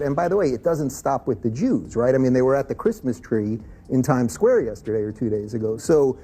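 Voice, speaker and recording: A man speaking as a talk show guest, animated and emphatic, with quick restarts. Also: medium pitch, breathy edge. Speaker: guest commentator. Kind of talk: casual chat.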